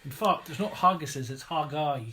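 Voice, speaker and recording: A man's voice: on the high side, moderate pace, bright, forceful tone, a little hiss or hum. A man with a Scottish accent reading out viewer comments on a casual livestream, teasing and joking.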